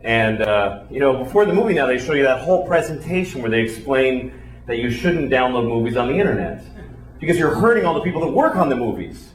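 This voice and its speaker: A man's voice: medium pitch, sing-song, fast talker. A man doing a stand-up comedy routine in a dry, mock-innocent, profane manner before a live audience. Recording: roomy club recording with audience laughter.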